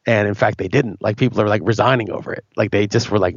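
Gravelly, husky man ranting bluntly. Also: on the low side, fast, no room sound, muffled recording. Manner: blunt, swearing, rambling with restarts. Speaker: podcast co-host. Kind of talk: casual opinionated chat.

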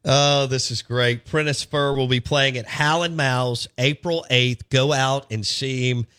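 A man's voice: mid-range voice, fairly even intonation, a little slow, fairly bright tone, clean tone, no room sound. Radio host man with a dry studio sound. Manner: friendly, promo-style wrap-ups. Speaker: radio sports show host. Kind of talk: casual radio interview.

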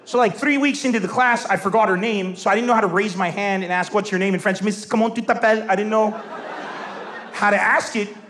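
A man performing stand-up comedy storytelling, animated, bursting into loud shouts as he acts out characters. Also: sits high, a little fast. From Lebanon. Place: large venue with a live audience. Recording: echoey hall with crowd laughter.

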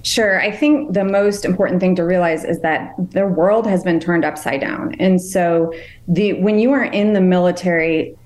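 A woman's voice: fairly low pitch, normal speed, a little mellow, echoey room. A woman guest on a podcast interview, a veteran's wife and caregiver, speaking earnestly and from the heart. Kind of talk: conversational interview.

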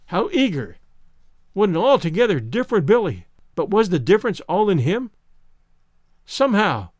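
A man hosting a podcast and narrating classic short stories in an expressive, animated reading. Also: high voice, dry recording, clean studio sound. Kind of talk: audiobook narration.

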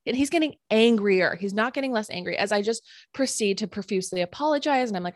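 A young woman co-hosting a podcast, telling a story in a casual, animated way, full of fillers and acted-out quotes. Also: medium pitch, quick pace, few pauses, no room sound. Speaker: podcast co-host.

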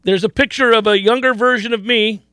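High-voiced animated radio host man. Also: a little fast, clear, resonant tone, no room sound. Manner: animated storytelling, rising to loud exclaiming. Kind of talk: casual sports radio chat. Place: radio studio. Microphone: studio mic.

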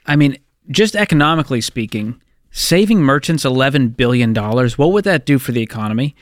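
A man's voice: mid-range voice, lively intonation, brisk, no room sound, clean studio sound. A man co-hosting a talk radio show, wry and opinionated as he reels off numbers. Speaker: radio co-host. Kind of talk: casual talk radio chat.

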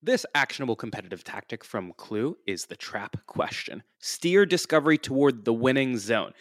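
A man's voice: medium pitch, expressive, moderate pace, no room sound, studio quality. A man hosting a podcast, casual and joking in an upbeat way. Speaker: podcast host.

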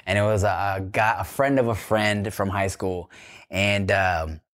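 A man's voice: fairly low pitch, fairly even intonation, unhurried, a bit bright. Laid-back man chatting as a podcast guest. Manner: laid-back, often asks 'you know what I'm saying?'. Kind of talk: casual podcast chat.

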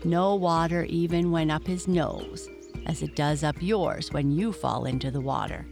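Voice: medium pitch, vocal fry, a little mellow, soft background music. A narrator reading a children's animal story aloud, speaking straight to the young listener. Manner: measured, addresses the listener.

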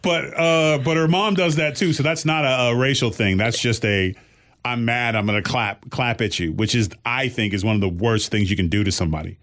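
A middle-aged man co-hosting a talk show, telling a comedic family story in a loose, animated way and laughing as he goes. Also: mid-range voice, brisk, few pauses. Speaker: co-host.

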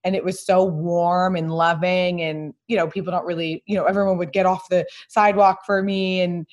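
Candid, animated woman host. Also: lowish voice, normal speed, muffled recording. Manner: candid, animated storyteller who acts out quotes. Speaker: podcast host. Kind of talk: casual chat.

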